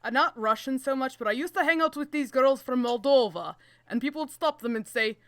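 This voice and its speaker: A woman's voice: high-pitched, animated, fairly quick, few pauses, fairly bright tone, dry recording. A young woman in casual chat, telling anecdotes and laughing often. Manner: chatty, storytelling, laughs often.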